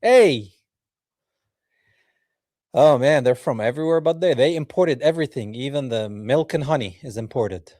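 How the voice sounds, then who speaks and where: A man hosting a reaction video, commenting in an animated, mocking way, laughing and talking straight to his viewers. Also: medium pitch, brisk, hardly any pauses, no echo, clean studio sound. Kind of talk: reaction commentary over a played clip.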